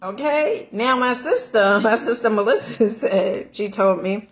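A middle-aged woman vlogging, telling a story in a casual, animated way, laughing often, with slang and emphatic swearing. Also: mid-range voice, measured pace. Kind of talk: casual storytelling chat while eating.

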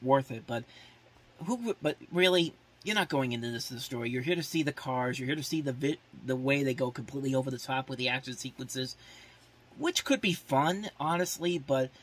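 Husky-voiced man ranting through a movie preview. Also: medium pitch, normal speed. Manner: rambling, frequent "like" fillers and restarts; opinionated, exasperated about films. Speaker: podcast host. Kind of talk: casual movie preview monologue.

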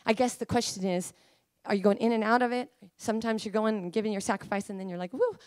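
A woman preacher giving an emotional, passionate sermon, swinging between hushed talk and fiery proclamation. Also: medium pitch, steady tone, fast, no echo. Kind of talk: Pentecostal-style sermon.

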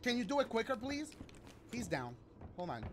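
A man playing a video game and reacting aloud, swearing and yelling at the game and chatting to his viewers. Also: very high-pitched, sing-song, moderate pace, background noise. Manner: talks to viewers as "y'all". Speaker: gaming video host. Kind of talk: let's play commentary. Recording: loud game sounds behind voice.

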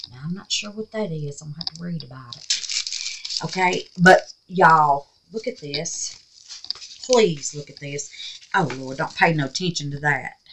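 A woman's voice: low voice, a bit bright, a little hiss or hum, low-quality recording. A woman chatting casually to her viewers as she shows off gifted craft supplies, effusive and affectionate, calling them honey and baby and muttering to herself as she handles things. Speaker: resin craft vlogger. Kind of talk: casual chat showing gifts.

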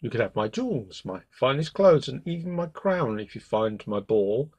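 A man's voice: medium pitch, very animated, moderate pace, darkish tone, husky. A man reading a storybook aloud and voicing a lonely, pampered young princess in a slightly raised, pleading voice. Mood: eager.

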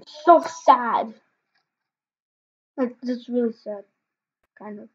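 A woman's voice: fairly high pitch, slow pace, breathy edge, lo-fi sound. A woman hosting a casual reaction video, rambling with hesitant fillers and restarts.

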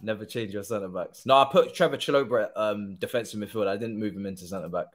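A young man giving live commentary on his own football video game match, excitable, pleading and swearing often. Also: on the low side, fast. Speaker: gaming streamer. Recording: roomy echo.

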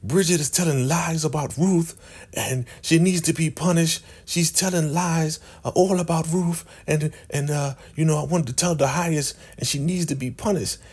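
A man doing a shrill flustered older woman. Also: fairly even intonation, a little mellow, slightly rough. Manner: high, hurried, stammering.

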